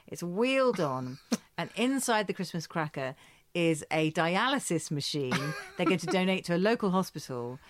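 A woman's voice: on the low side, dry recording. A woman co-hosting a chat show, telling stories with enthusiasm, laughing often and acting out quotes. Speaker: podcast co-host. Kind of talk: casual chat.

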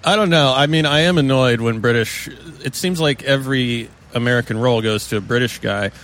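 A man's voice: mid-range voice, fairly quick, fairly bright tone. A man in casual conversation, dry and skeptical, pushing back on his co-host. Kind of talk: casual podcast banter.

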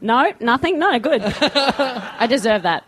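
A woman's voice: a little high, expressive, slow pace, a bit bright. A woman guesting on a live comedy show, playing mock-prudish and flustered, giggly. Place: bar stage before a live audience.

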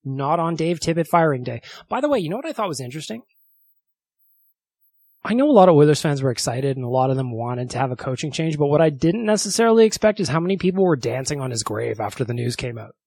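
A man's voice: a little high, animated, fast, a little mellow, slightly rough, dry recording, studio quality. A man hosting a solo podcast, chatty and upbeat, laughing often. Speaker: podcast host. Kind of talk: casual solo podcast talk.

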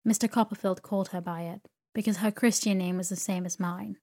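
A woman's voice: medium pitch, steady tone, fairly quick, darkish tone, natural voice. Woman voicing a frail, helpless young mother in a storybook, faltering and meek, close to her own reading voice. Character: timid, fragile young widowed mother.

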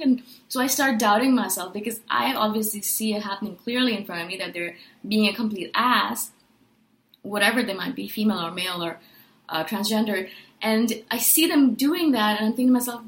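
A woman's voice: mid-range voice, brisk, reverberant, poor audio. A woman talking casually and earnestly in a monologue, venting her feelings and asking rhetorical questions. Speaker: personality-type video host.

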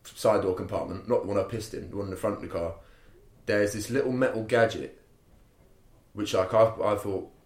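A man's voice: fairly low pitch, steady tone, brisk, darkish tone. A young man telling a rambling, sweary story with laughs in a casual chat. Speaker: podcast guest telling a story. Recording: roomy echo.

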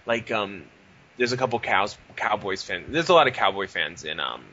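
Young male podcast host, low-ish bright voice, profane animated storyteller, muffled lo-fi recording, faint hiss. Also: normal speed. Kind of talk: casual podcast chat.

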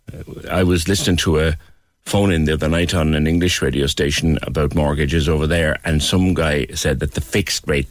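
A man's voice: a bass voice, no echo. A man hosting a radio talk show, wry and conversational as he talks with guests.

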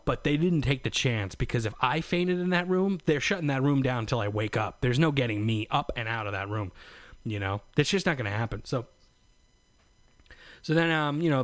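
A man's voice: mid-range voice, dry recording. A young man telling a rambling, profane story about becoming a father, full of "like" and "you know.". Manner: rambling, profane, lots of fillers. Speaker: new father telling his birth story. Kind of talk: casual storytelling vlog.

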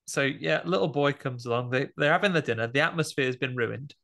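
A man co-hosting a podcast, joking his way through a horror film with quick, playful remarks. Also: medium pitch, gravelly, fairly bright tone. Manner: jokey, slips into silly put-on voices. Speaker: podcast co-host. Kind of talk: casual film discussion.

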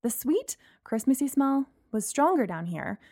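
Animated woman reading a first-person story. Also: high voice, unhurried. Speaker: narrator.

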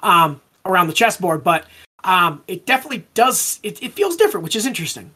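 A woman co-hosting a casual book podcast, giving her thoughts haltingly and searching for words. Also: fairly low pitch, big pitch swings, pushed and bright, slightly rough. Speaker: podcast co-host.

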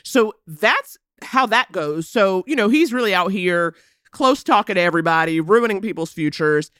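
A woman co-hosting a podcast, recapping a TV show in casual, animated chat with dramatic quotes. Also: medium pitch, normal speed, clean tone, no room sound, clean studio sound. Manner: animated, laughing, dramatic quoting. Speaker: podcast co-host.

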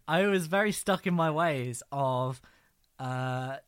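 A man's voice: mid-range voice, drawn-out words, a bit bright, clear, resonant tone, no echo, clean studio sound. A man co-hosting a podcast, rambling casually with exasperated asides. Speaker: podcast co-host. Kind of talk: casual chat.

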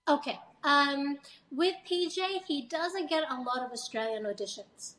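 Woman, actress and mom, high-pitched voice, chatty and loose, casual podcast talk, roomy echo. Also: measured pace, fairly bright tone. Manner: chatty, with restarts and laughs. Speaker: actress and mother of a child actor.

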